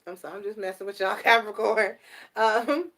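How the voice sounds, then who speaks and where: A middle-aged woman giving a casual live tarot reading, blunt and animated and swearing freely. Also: mid-range voice, moderate pace, slight background noise. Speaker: tarot reader.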